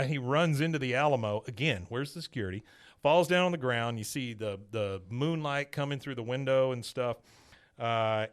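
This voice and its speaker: A man hosting a podcast, recapping a cartoon episode in a casual, animated way and chuckling often. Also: medium pitch, clear, resonant tone. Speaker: podcast host.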